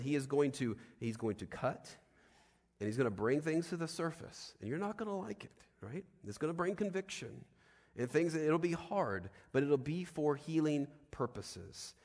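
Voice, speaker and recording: An emphatic male preacher delivering a sermon, with his voice sitting at an average pitch. He keeps asking rhetorical questions, and the sound rings with a long reverb from a large hall. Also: a little mellow.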